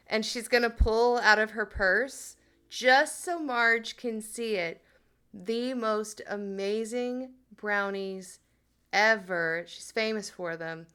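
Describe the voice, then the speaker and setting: A woman's voice: mid-range voice, slow pace, pushed and bright, clear, resonant tone. Woman narrating her role-play moves. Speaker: player. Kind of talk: narrating her character's actions.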